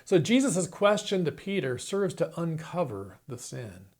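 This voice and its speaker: A man's voice: on the high side, big pitch swings, unhurried. A man preaching a sermon, retelling a story dramatically and acting out the quoted lines. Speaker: pastor.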